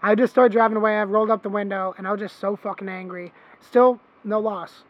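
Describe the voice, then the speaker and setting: A man with a notably high voice hosts a casual podcast, spinning an animated, profanity-laced story and voicing the people in it. The audio is a touch dull, with a faint hiss behind him. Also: rapid-fire. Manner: animated, swearing, acts out quoted voices. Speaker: podcast host.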